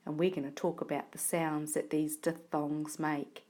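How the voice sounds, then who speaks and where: A woman teacher giving a phonics lesson, sounding out words slowly and carefully. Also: sits low, flat delivery, warm tone. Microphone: tablet recording.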